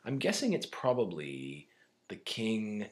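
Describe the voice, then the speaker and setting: A man's voice: fairly low pitch, huge pitch swings, slow pace. A man co-hosting a comedy podcast, playful and rambling, musing about trivia in casual banter. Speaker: podcast co-host.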